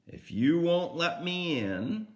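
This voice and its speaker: A man's voice: fairly high pitch, big pitch swings, takes it slowly. A grandfatherly man voicing a hungry big bad wolf who demands to be let in and threatens to blow the house down. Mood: threatening.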